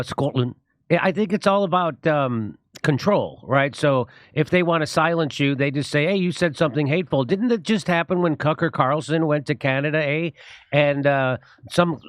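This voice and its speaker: A man hosting a podcast conversation, his voice a bit higher than most men's. He stammers and repeats words as he builds up to his questions. The recording is dry and close. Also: no echo. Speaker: podcast host, comedian. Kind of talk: casual podcast chat.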